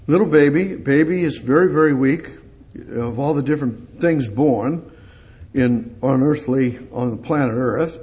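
A pastor preaches a sermon addressed directly to God, repeating short phrases and alternating between loud, emphatic lines and soft, hushed ones. His voice is mid-range.

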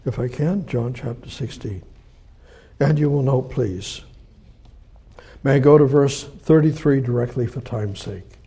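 An older man preaching a rambling sermon and reading Bible verses, with much repetition and swings between loud emphasis and quiet asides. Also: medium pitch, expressive, breathy edge. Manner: conversational, halting with many fillers.

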